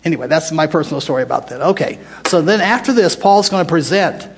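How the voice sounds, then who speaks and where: A man's voice: on the high side, animated, fast, a little hiss or hum. An older American man leading a Bible study, talking conversationally, restarting phrases and putting questions to the group. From United States. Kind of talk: casual Bible teaching to a group.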